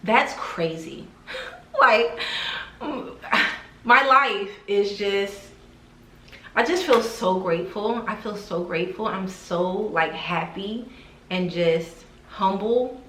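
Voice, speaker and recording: A lifestyle vlogger speaks slowly to camera in her house, her mid-range, fairly bright voice carrying a little hiss or hum. The casual vlog is heartfelt and emotional, packed with filler words, and recorded with roomy echo somewhat away from the mic.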